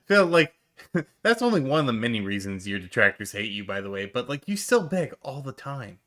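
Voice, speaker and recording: A man's voice: mid-range voice, big pitch swings, a little fast, fairly bright tone. A man giving sarcastic, mocking reaction commentary on a stream clip, swearing freely.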